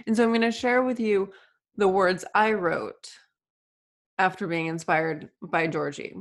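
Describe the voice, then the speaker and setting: A woman's voice: medium pitch, fairly even intonation, measured pace. A woman hosting a podcast, speaking from her home over a remote call in an enthusiastic, affectionate way. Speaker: podcast host. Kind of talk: warm, effusive podcast chat. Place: home in Florida. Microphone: remote call recording.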